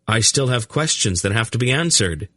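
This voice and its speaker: A man's voice: mid-range voice, animated, normal speed, bright, forceful tone, no room sound, studio quality, voice pushed up. A man voicing an urgent young king who presses with questions, in an audiobook. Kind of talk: audiobook character voice.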